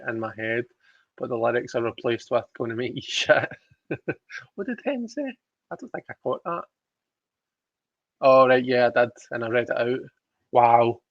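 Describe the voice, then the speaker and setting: A man reads tarot on a livestream, chatting casually and reading out viewer comments with giggly, self-deprecating asides. His mid-range voice moves at a moderate pace on lo-fi audio with no room sound.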